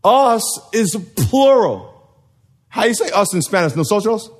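A man's voice: sits high, sing-song, a little slow. A man preaching a sermon to a live congregation, joking and quizzing the people in front of him. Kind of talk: sermon with call and response.

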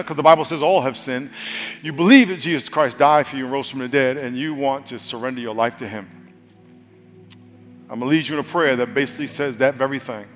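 A man preaching as pastor, talking in a loose conversational way, repeating words and leading a prayer. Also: mid-range voice. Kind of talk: sermon with altar call prayer. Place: church sanctuary. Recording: long hall reverb, soft music behind.

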